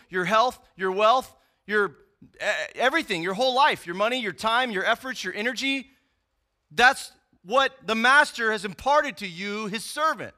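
Very high-voiced male preacher. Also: sharp tone. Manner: conversational, emphatic teaching with frequent tag questions. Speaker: pastor. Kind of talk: sermon.

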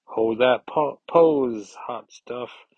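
A man's voice: medium pitch, drawn-out words, slightly rough, no echo, lo-fi sound. A man voicing a creepy male villain posing as a custodian, mocking and taunting his victim with pet names. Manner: mocking, taunting, calls victim dearie and hun.

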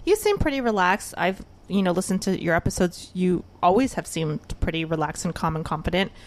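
A woman hosting a podcast interview, chatty and quick to laugh. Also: on the low side, animated. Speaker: podcast host. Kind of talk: casual interview chat.

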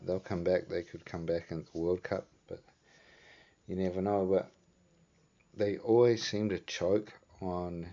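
Deep-voiced, laid-back New Zealand man. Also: dark tone. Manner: rambling, laid-back, swears casually. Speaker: vlog host. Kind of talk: casual rambling chat. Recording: dull lo-fi sound.

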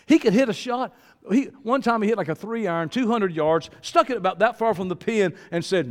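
An older preacher tells stories from the pulpit, dropping to quiet asides and then rising to loud shouts. His voice sits a little high for a man. It carries a long reverb, as if recorded in a big church hall. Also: brisk. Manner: storytelling, swings from low asides to loud shouting. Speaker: pastor. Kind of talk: sermon.

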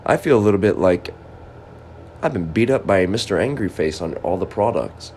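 Lively low-voiced man rambling aloud. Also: a little hiss or hum. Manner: stop-start, musing aloud, scolds an object then drifts off. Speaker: amateur comedian. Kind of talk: rambling improvised monologue.

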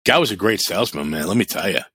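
Low-voiced man spinning stories. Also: quick pace, slightly rough. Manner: animated storyteller, blunt and profane. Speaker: podcast co-host. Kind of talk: casual podcast chat.

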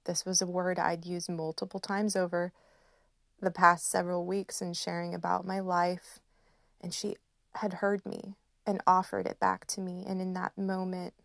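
Slow gentle woman with a gravelly edge. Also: on the low side, no echo, clean studio sound. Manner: slow, gentle and emotional, with soft laughs. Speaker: podcast host. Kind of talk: reflective personal monologue.

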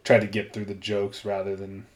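A man's voice: on the low side, monotone, normal speed, a little mellow. A young man hosting a podcast, chatting casually, laughing often and swearing freely as he tells stories. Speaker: podcast host.

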